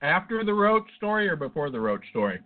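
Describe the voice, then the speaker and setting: A man with a high voice talks casually on a podcast, telling a loose story full of swearing. The sound is thin and tinny, like it came through a phone line. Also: sing-song, fairly quick. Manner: profane, rambling storyteller. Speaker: podcast co-host. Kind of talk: casual chat.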